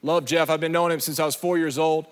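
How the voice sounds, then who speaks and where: A man's voice: a little high, fairly even intonation, fast talker, smooth. A male pastor preaching an emphatic sermon in a church sanctuary, repeating phrases and putting questions to his congregation. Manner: emphatic, repeats himself, asks the crowd questions. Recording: long reverb of a large church hall.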